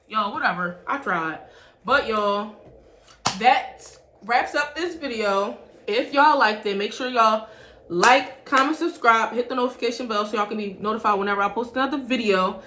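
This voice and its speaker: Bright and forceful, this woman's slightly high voice moves at a moderate pace as she reviews a product for her viewers. A chatty beauty vlogger, she says "y'all" over and over, recorded with a roomy echo and a faint hum in the background.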